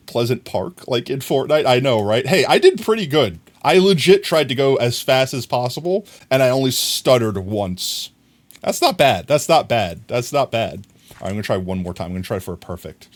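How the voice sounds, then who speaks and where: A young man streaming live, chatting casually and thinking aloud as he builds in a game, playful and quick to laugh at himself. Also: medium pitch, sing-song.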